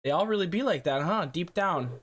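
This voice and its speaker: A man's voice: high-pitched, expressive, brisk, a bit bright. A young man co-hosting a podcast, reacting with jokes and goofy mild exclamations in casual chat. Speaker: podcast co-host.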